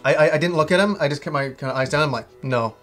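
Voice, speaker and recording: A man in his thirties, co-hosting a casual chat, telling a story with animated, profane energy and frequent laughter. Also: a little high, rapid-fire, faint music behind. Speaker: co-host.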